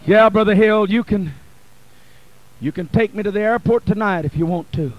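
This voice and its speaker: A man who is a bishop, preaching a Pentecostal sermon in a church, with a rhythmic, chanted, shouting delivery, on an archival 1980 church recording. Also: high voice, normal speed, lo-fi sound. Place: church sanctuary.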